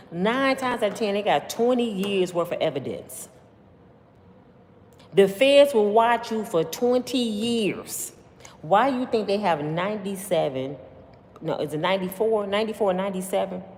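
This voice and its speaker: A commentary vlogger offers opinionated, emphatic, preachy commentary, constantly throwing rhetorical questions at her viewers. Her pitch swings widely and her tone is darkish. A long, roomy reverb sits over faint background noise.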